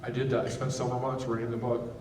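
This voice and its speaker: A man giving a candid personal testimony as a keynote speaker at a gala, halting often and restarting his sentences. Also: mid-range voice, completely flat delivery, reverberant, far from the mic, noisy background. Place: gala event hall.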